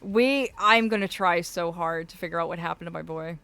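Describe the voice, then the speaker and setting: A woman's voice: lowish voice, fairly quick, fairly bright tone, smooth, no room sound, soft background music. A woman chatting casually with her livestream viewers, doting and theatrical, calling them darling.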